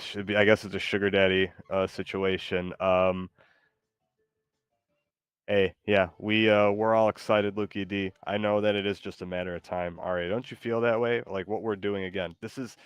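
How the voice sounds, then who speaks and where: A man's voice: on the low side, a bit bright, clear, resonant tone, no echo. A man streaming live, chatting with his AI co-host in a rambling way full of fillers.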